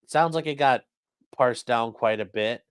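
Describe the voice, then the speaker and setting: A man's voice: mid-range voice, moderate pace, clear, resonant tone, no room sound. A man who has worked as a defense attorney, talking loosely about a trial in casual live-stream commentary, swearing and acting out courtroom exchanges. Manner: loose and profane, acts out courtroom quotes.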